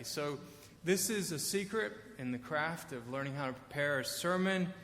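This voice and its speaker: A man's voice: fairly high pitch, animated, moderate pace, fairly bright tone, slight background noise. A middle-aged man preaching a sermon as pastor, telling stories with wry, self-deprecating asides. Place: church sanctuary. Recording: echoey church hall.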